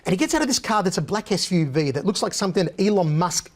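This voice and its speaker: A man, a guest on an interview show, telling animated anecdotes in a punchy, casual way. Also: high-pitched, fast.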